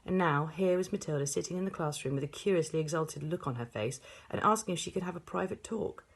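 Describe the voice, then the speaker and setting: A woman reading a children's novel aloud, steady and expressive. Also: deep voice, fast, gravelly, breathy edge. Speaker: audiobook reader. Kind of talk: storybook read-aloud.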